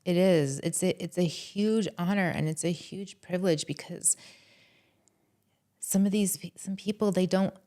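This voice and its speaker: Animated woman therapist, lowish voice. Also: unhurried. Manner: animated, acts out quotes from clients and herself; earnest and heartfelt about her work. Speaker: therapist guest. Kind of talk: casual podcast conversation.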